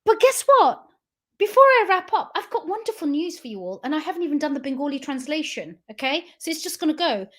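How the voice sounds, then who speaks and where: A woman's voice: sits high, very animated, fairly quick, a bit bright. A woman giving an emotional, accusatory livestream address to her family. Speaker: company founder addressing family online.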